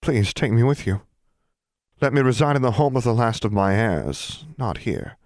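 Guy doing a high shaky old witch in a painting, haughty, dry close audiobook sound. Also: animated, normal speed, a little mellow, dry recording, close to an everyday voice. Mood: pleading. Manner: high, quavering, rising to wails. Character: proud old witch in a portrait, haughty and fearful. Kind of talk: audiobook character voice.

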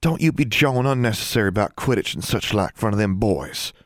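A man's voice: on the low side, animated, brisk, no room sound, clean studio sound, natural voice. A man voicing a cautious, bossy schoolgirl who speaks in a folksy rural dialect. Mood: wary. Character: stern, cautious older schoolgirl sister.

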